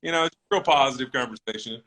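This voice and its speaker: An earnest man in his thirties, speaking as an interview guest. His voice sits in an ordinary middle pitch. He tells his story in a reflective, steady way. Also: fast. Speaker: NFL offensive lineman, guest. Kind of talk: conversational interview.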